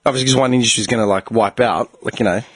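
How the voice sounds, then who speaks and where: A man's voice: on the low side, rapid-fire, no room sound. A man co-hosting a casual podcast chat, swearing and laughing a lot as he rants. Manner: animated, swearing, laughs often. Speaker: podcast co-host.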